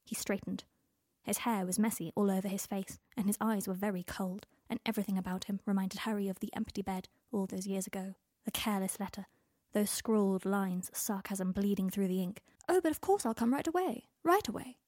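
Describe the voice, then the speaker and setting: A woman narrating a story aloud in an expressive reading voice. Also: medium pitch, brisk, no echo, clean studio sound. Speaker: audiobook reader.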